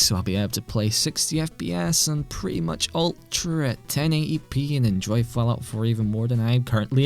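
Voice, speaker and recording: A British man rambling casually into a microphone as host of his gaming channel, sweary and self-deprecating. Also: medium pitch. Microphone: desk microphone.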